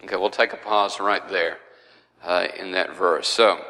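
A man's voice: low-pitched, fairly even intonation, unhurried, bright, forceful tone, big-room sound, low-quality recording. A man teaching a verse-by-verse Bible study in a conversational way, with frequent fillers.

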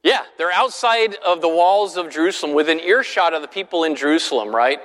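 A man's voice: a little high, a little fast, a bit bright. A man teaching a Bible class in a conversational way, often putting questions to his listeners. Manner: conversational, keeps asking the class rhetorical questions. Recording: long hall reverb.

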